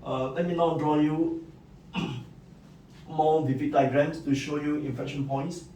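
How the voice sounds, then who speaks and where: A man's voice: on the high side, steady tone, slow, mellow, a little hiss or hum. A man giving a recorded math lecture, explaining step by step and checking in with "right?" and "okay". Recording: echoey room, mic at a distance.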